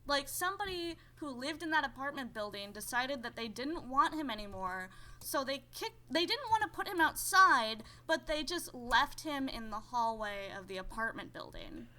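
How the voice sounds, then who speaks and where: A woman's voice: high-pitched, sing-song, normal speed, bright, forceful tone. A young woman co-hosting a podcast, chatting casually in a rambling, giggly way with lots of "like". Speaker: podcast co-host. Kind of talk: casual chat.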